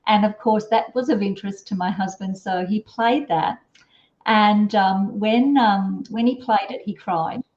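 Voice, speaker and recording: A middle-aged woman spins a long, rambling story, full of fillers and restarts. Her voice sits at an ordinary pitch. The audio is dull and lo-fi, with a roomy echo around her. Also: unhurried, a little mellow. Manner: chatty, rambling, with many fillers and self-corrections. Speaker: parenting strategist guest. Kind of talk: storytelling in an interview.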